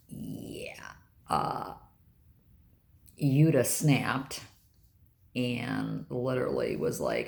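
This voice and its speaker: A woman's voice: extremely low pitch, very animated, drawn-out words, vocal fry, long pauses, darkish tone. An older woman talking candidly and bluntly in a rambling personal vlog. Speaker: vlogger.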